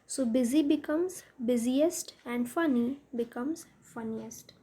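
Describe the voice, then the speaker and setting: Slow, husky-voiced woman teaching grammar. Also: high-pitched, dark tone. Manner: slow, step-by-step explaining, spelling out letters. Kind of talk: explaining a grammar lesson.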